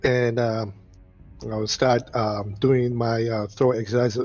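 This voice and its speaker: A man's voice: mid-range voice, level tone, takes it slowly, a little mellow. A man playing a tabletop game, talking hesitantly with many uhs and stammers as he acts out his character. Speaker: player. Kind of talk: tabletop role-play. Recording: dull lo-fi stream with faint music.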